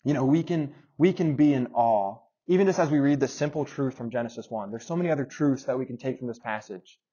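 A man's voice: mid-range voice, fast, slightly rough, dull audio. A man giving a casual, story-driven sermon, addressing his audience directly and acting out his own phone calls. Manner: storytelling, animated and conversational, talks to audience members.

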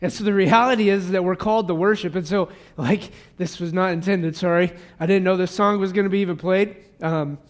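A man with a high-pitched voice preaches to his congregation. He is fervent and passionate yet conversational, dropping casual asides between points. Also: steady tone, brisk, hardly any pauses. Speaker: pastor. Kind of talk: sermon. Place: church service.

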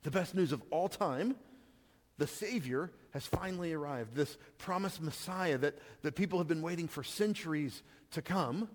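A fairly high-voiced man preaches to a congregation. He talks in an easy, conversational way, restarting phrases and asking rhetorical questions. His voice rings out in a church hall with a long echo. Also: moderate pace. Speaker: pastor. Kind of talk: sermon.

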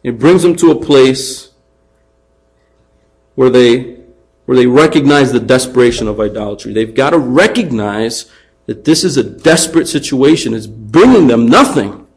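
A man preaching a sermon, animated, acting out taunts in a raised voice and dropping quiet for emphasis. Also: mid-range voice, moderate pace, slightly rough, rough recording. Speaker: pastor.

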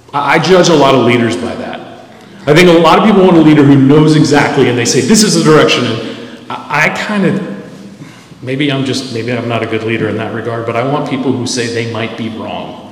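A middle-aged male pastor giving a conversational, self-deprecating sermon full of animated stories, recorded in a church. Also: medium pitch, normal speed. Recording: echoey hall.

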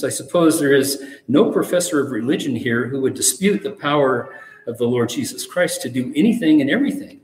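A man preaching a sermon earnestly and with emphasis, reading passages aloud. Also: medium pitch. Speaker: pastor. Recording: echoey hall with long reverb.

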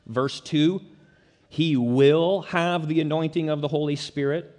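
A man's voice: mid-range voice, fairly even intonation, a little slow, a little mellow. A man preaching a sermon as pastor, earnest and building to urgent emphasis. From central Illinois, US. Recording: long hall reverb.

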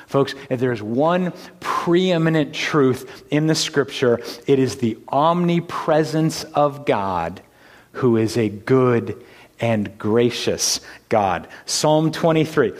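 A man preaching a sermon as pastor to his congregation. He asks rhetorical questions and swings between hushed, whispered lines and loud, emphatic ones. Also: medium pitch, expressive, slow pace. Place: church sanctuary. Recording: long hall reverb.

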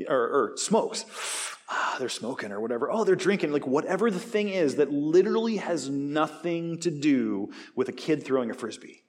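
A man's voice: a little high, moderate pace. A man in his forties preaching a sermon, telling stories with humor and acting out the voices of tempters and skeptics. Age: 40s. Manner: animated storytelling, acts out quoted voices, self-deprecating jokes.

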